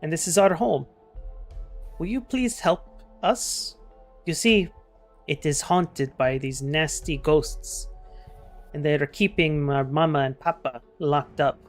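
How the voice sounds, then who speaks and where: A man's voice: fairly high pitch, takes it slowly, pauses often. A man voicing a polite young girl who pleads for help in a tabletop game, with faint music behind. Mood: pleading.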